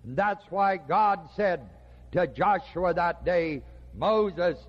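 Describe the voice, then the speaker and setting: A man preaching a sermon slowly and emphatically, with dramatic pauses. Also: high voice, expressive. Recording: dull lo-fi recording with long hall reverb.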